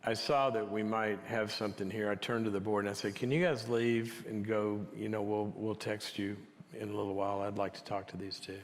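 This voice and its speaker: A man gives a teaching talk in a conversational storytelling way, his voice sitting somewhat low. He talks into a large hall that carries a long reverb behind him. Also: flat delivery, a little fast. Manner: conversational, drops to a near whisper for quiet moments.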